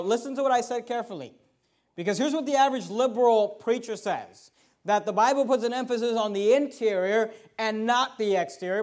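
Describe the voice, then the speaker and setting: High-voiced emphatic man preaching. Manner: emphatic, swings between quiet and loud, reads scripture slowly. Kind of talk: sermon.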